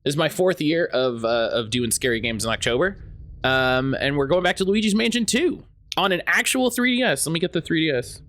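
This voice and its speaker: Animated man chatting on a game stream. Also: a little high, brisk. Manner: rambling, excitable, greets chat by name. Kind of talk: casual live-stream chat.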